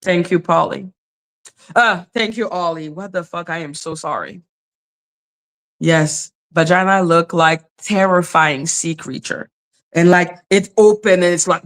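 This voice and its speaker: A woman hosting a casual livestream, chatting with viewers in an animated way, laughing often and swearing freely. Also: on the low side, measured pace. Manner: animated, laughing, frequent profanity. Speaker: livestream host. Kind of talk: casual livestream chat reading comments.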